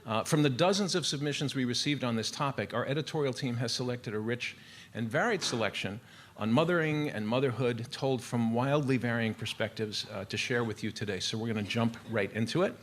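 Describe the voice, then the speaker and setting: A man's voice: medium pitch, a little fast. Man, live show host, stage introduction, frequent "uh" fillers, faint room hum behind. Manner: warm formal emcee delivery with frequent "uh" fillers. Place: live venue with audience.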